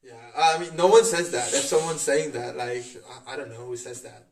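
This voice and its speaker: Casual man, middle pitch, set back from the mic in a roomy space; hesitant with loud flare-ups. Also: brisk, distant mic. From India. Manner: laid-back, hesitant, bursts of loud disbelief. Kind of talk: casual chat. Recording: echoey room, off mic.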